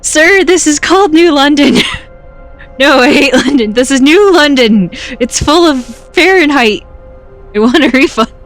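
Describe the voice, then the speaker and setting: A woman's voice: sits high, lively intonation, a little slow, fairly bright tone, faint music behind. A woman streaming a game, chatting casually in a playful, giggly way. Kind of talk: casual live-stream chat.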